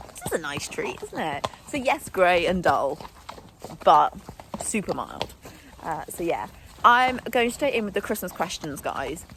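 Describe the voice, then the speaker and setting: Woman, lowish voice, casual vlog chat, outdoor recording with steady noise behind. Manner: chatty, warm-hearted, laughs at herself. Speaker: riding instructor and vlogger.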